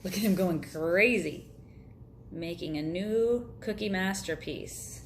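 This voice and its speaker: A woman's voice: fairly low pitch, slow, a little hiss or hum. A woman reading a picture book aloud to children, playfully voicing sound effects and chatting about the pictures. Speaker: storyteller for children. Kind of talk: storybook read-aloud.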